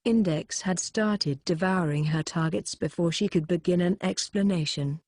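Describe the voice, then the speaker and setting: A woman reading a light novel audiobook aloud in a steady, even narration. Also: on the low side, moderate pace, hardly any pauses, dry recording, clean studio sound. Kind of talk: scripted narration.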